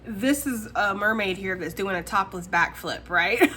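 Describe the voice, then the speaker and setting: A woman's voice: mid-range voice, measured pace, sharp tone, slight background noise. A woman giving a casual tarot reading straight to the viewer, chatty and laughing often. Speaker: tarot reader.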